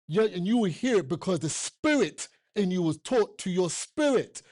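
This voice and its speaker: A man's voice: high voice, expressive, moderate pace, hardly any pauses, darkish tone, no echo, studio quality. A man preaching a sermon, emphatic and repetitive, joking with the congregation and often asking them questions. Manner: asks the listeners questions often.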